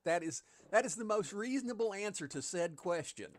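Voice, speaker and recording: A man's voice: high voice, expressive, brisk. A man with a Southern US accent, joking and chuckling with a co-host while streaming a game. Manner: joking, teasing, chuckles often. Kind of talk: casual live-stream chat.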